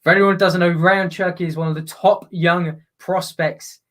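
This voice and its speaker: A man with a slightly high voice hosts a live football watch-along, chatting with viewers between plays. When the action heats up he breaks into excited, loud commentary. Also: moderate pace.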